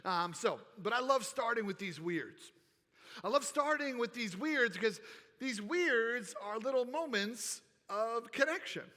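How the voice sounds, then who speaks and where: A man giving an energetic keynote speech, playful and animated as he works the crowd in a large convention hall. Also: very high-pitched, unhurried. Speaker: keynote speaker. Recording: reverberant hall.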